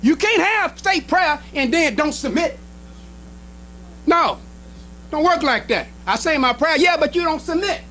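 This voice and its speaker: Man preaching, really high bright voice, punchy repeated lines, faint hum under it. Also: expressive, a little slow, pauses often, low-quality recording. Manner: emphatic preaching with short repeated phrases. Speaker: minister. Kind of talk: sermon. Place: temple hall.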